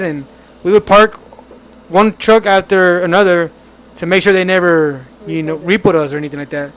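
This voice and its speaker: A young man co-hosting a podcast, telling a family story in casual, animated chat with laughs. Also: high-pitched, moderate pace. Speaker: podcast co-host.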